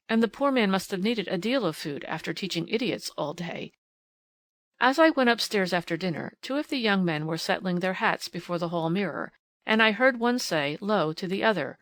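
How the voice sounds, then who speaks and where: A woman's voice: fairly low pitch, expressive, moderate pace, fairly bright tone, dry recording. A woman reading a classic novel aloud as an audiobook, with small voice shifts for the dialogue. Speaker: audiobook reader.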